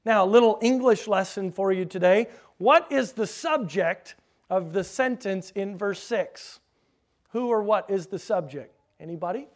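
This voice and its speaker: A man with a notably high voice delivers a sermon in a teacherly way. He quizzes his congregation as if giving a lesson and slows right down to press single words home. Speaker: preacher.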